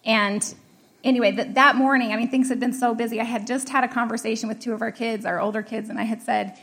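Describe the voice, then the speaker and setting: High husky woman telling a story. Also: fast talker. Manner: laughing often, animated retelling of dialogue. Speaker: guest telling a personal story. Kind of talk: casual storytelling.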